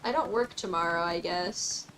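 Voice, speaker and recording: A woman's voice: lowish voice, moderate pace, a bit bright, a little hiss or hum, low-quality recording. A young woman streaming a game, chatting casually and playfully, laughing often and dropping mock-old-fashioned asides. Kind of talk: casual gameplay commentary.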